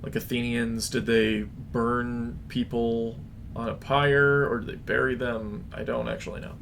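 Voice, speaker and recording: Chatty gravelly young guy. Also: mid-range voice, little pitch movement, measured pace, a bit bright, a little hiss or hum. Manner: chatty, informal, opinionated. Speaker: book reviewer. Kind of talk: casual retelling.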